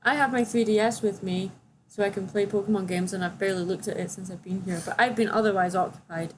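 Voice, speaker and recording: A woman's voice: mid-range voice, fairly even intonation, fast, a little hiss or hum. A young woman hosting a casual livestream, chatting and reading viewer questions aloud. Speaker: livestream host.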